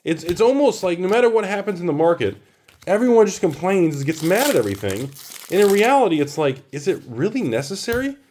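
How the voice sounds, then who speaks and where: A man's voice: sits high, big pitch swings, fast, a little mellow, a little hiss or hum. A man hosting a card-opening video, ranting casually and exclaiming over each card he pulls. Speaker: host opening card packs.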